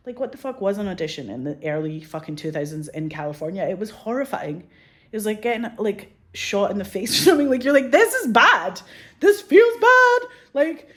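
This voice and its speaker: A woman in her forties talks in an animated, candid way as a filmmaker in a casual interview. Her voice sits a little low. She swears freely, strings thoughts together with "like", and slips into quoted voices as she tells her stories. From Scotland. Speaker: filmmaker guest.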